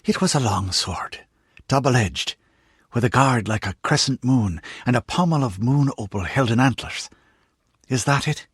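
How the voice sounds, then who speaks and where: A man voicing a wise, gentle but firm mother and priestess, speaking tenderly in an audiobook. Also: mid-range voice, expressive, unhurried, slightly rough, no echo, studio quality, pitched above the performer's own voice. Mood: questioning. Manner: soft, tender, knowing.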